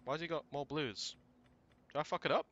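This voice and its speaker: A man thinking aloud through a strategy game, casual and prone to swearing and sudden shouts. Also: on the high side, moderate pace, lo-fi sound. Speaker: let's play gamer. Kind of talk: casual gameplay commentary.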